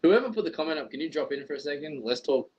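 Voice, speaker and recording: This livestream co-host has a fairly high, expressive voice and talks rapid-fire over a loud crowd, captured in dull lo-fi stream audio. He jokes around during the casual chat, swears freely, and slips into silly put-on accents.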